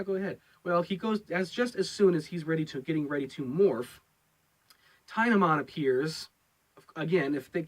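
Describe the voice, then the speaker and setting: A man's voice: on the high side, rough recording. A man giving a casual review of a TV episode, rambling and repeating his words with many fillers. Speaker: show reviewer.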